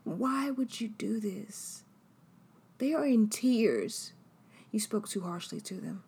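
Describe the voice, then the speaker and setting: A woman voicing an indignant onlooker who scolds someone in a shrill, exasperated way. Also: animated, takes it slowly, warm tone, husky, full character voice. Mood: scolding.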